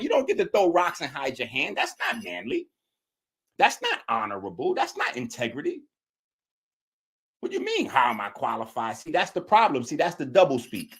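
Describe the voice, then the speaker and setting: Guy hosting, fired up and mocking, voice swinging all over, kinda high. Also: slightly rough. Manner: animated, mocking, preachy. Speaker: show host. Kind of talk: commentary on a played clip.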